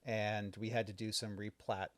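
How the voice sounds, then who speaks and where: Young guy recapping a board meeting on a home podcast, lowish voice, dry close sound, lots of ums. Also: moderate pace, no room sound. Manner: relaxed and explanatory, with frequent ums and restarts. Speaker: village trustee and podcast co-host.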